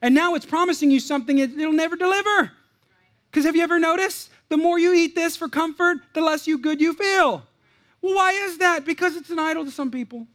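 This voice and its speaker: A man with a very high voice delivers a sermon to his congregation. He jokes and teases as he goes, often stumbling over and repeating his words. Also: a little fast, a bit bright. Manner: playful, joking with the congregation; frequent restarts and repeated words. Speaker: pastor.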